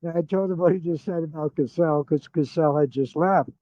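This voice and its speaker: An older man tells animated stories as a guest in a casual chat, quoting other people along the way. His voice sits a little high. The sound is dry and close but dull and lo-fi. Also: brisk, dry recording.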